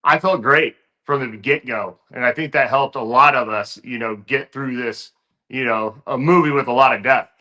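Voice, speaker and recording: Guy telling a story in an interview, bright tense voice, laid back, lots of "you know". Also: mid-range voice, normal speed. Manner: relaxed, filler-heavy storytelling. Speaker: interview guest, fighter turned actor.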